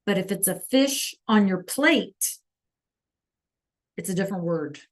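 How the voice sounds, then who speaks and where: A woman teaching a live online language class, slowly sounding out words for students to repeat and encouraging them by name. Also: medium pitch, lively intonation. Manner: slow careful enunciation of words for students to repeat. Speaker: Spanish teacher.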